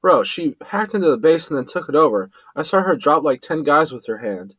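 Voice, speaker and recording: A man's voice: fairly quick, slightly rough, no echo, poor audio. A man narrating a first-person adventure story, lifting his voice for the characters' lines. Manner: lively, shifts pitch up for quoted characters.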